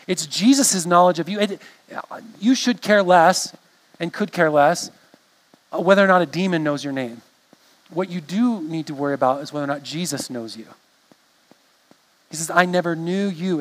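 A man's voice: on the high side, rough recording. A man preaching a sermon in a conversational way, often restarting phrases and checking in with the congregation. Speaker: pastor.

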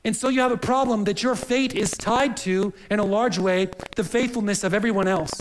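A man with a high voice delivers a morning sermon. He speaks earnestly and explains as he goes, often doubling words as he reaches for his point. A faint hiss sits under the recording. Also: poor audio. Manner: earnest, repeats words while searching for phrasing. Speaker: pastor.

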